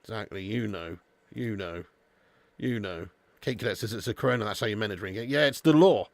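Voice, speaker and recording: A man's voice: lowish voice, a little fast, creaky, dry recording. A man hosting a live football watch-along, chatting casually with viewers and calling them mate and lad. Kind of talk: casual live-stream chat.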